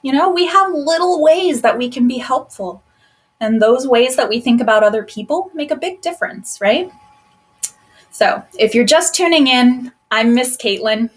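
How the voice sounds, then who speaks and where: A female librarian with a slightly high voice hosts a live online storytime for kids from her home, her laptop propped on a box. Speaking gently and encouragingly at normal speed with lively intonation, she explains things simply to her young listeners. The audio is picked up by the laptop's microphone.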